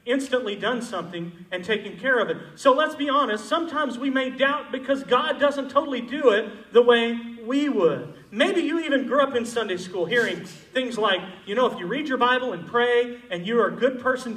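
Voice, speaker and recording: A male pastor preaching a sermon, moving between loud, emphatic passages and quiet, intimate ones. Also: very high voice, animated, normal speed, hardly any pauses, reverberant, far from the mic, rough recording.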